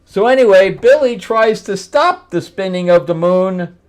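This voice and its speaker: A man's voice: sits high, lively intonation, a little slow. A man hosting a casual comic book review, wry and mocking, often breaking into laughter. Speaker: host, screenwriter reviewing comics.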